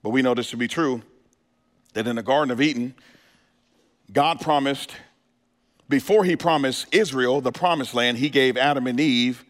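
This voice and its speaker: A man's voice: mid-range voice, normal speed, pauses often. A male pastor preaching a sermon, firing questions at his congregation and asking if they are ready. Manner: preaching with call-and-response asides to the congregation. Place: church sanctuary. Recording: hall reverb.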